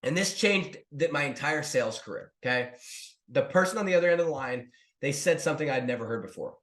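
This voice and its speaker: A man in his thirties, an online business coach, telling a story to viewers in a lively, casual way. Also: on the high side, fast talker. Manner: animated, talks to viewers as "dude" and "guys". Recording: roomy echo.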